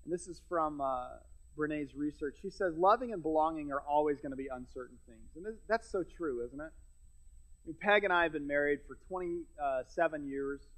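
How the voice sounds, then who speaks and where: A man's voice: a little high, moderate pace, fairly bright tone, poor audio. A middle-aged man preaching a sermon as pastor, conversational with self-deprecating humor and frequent restarts. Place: church sanctuary.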